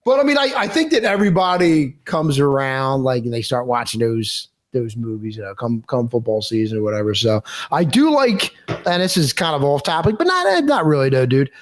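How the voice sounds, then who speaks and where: A man co-hosting a casual podcast, talking haltingly with repeated words and fillers. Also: mid-range voice, big pitch swings. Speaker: podcast co-host. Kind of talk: casual chat.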